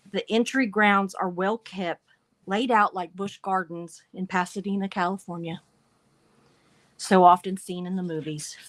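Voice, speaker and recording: Slow, wry woman reading aloud. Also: mid-range voice, no room sound. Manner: deliberate, wry asides between read passages. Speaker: livestream show host.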